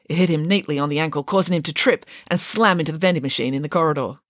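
A woman narrating a children's storybook in an expressive, lively way. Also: sits low, rapid-fire, no echo, clean studio sound. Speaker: audiobook narrator.

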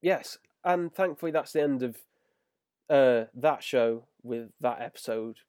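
A man's voice: medium pitch, a little slow, darkish tone, dry recording, clean studio sound. A man co-hosting a podcast, casually and grumpily picking apart a cartoon episode. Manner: grumbling, exasperated critique. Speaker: podcast co-host. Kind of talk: casual episode review chat.

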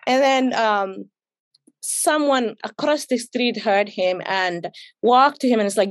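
High-voiced woman telling her story. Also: slow, no room sound. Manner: emotional, retells with quoted dialogue. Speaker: interview guest. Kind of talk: personal storytelling in conversation.

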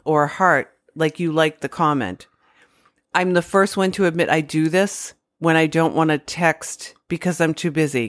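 A woman co-hosting a podcast, who chats in an upbeat and self-deprecating way. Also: lowish voice. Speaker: podcast co-host. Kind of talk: casual podcast chat.

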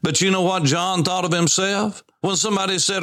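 A man teaching the Bible in a sermon style on his daily program, animated and swinging his pitch widely for emphasis. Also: brisk.

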